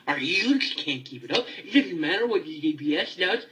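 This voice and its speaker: Man, angry gamer rant, animated pitch, stammering, loud bursts and muttering. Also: normal speed, few pauses, low-quality recording. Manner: furious ranting, swinging between outbursts and low muttering; stammers and repeats himself. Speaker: video gamer. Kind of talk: angry ranting vlog.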